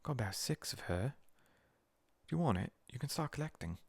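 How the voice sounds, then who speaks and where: A man's voice: medium pitch, expressive, fairly quick, husky, no room sound. A man voicing a blunt, chatty young schoolboy wizard in a whispered role-play, talking offhandedly. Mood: offhand.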